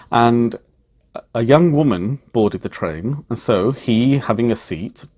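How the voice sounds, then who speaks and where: A middle-aged man, speaking in a measured, reflective way as he vlogs, with frequent ums. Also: lowish voice, darkish tone. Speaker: vlogger. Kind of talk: reflective personal vlog talk.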